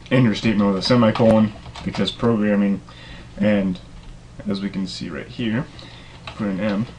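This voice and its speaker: A man's voice: fairly low pitch, a little hiss or hum. A young man hosting a casual coding tutorial, enthusiastic and rambling with lots of fillers. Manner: enthusiastic, self-described nerd, rambling with fillers. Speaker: programming tutorial host.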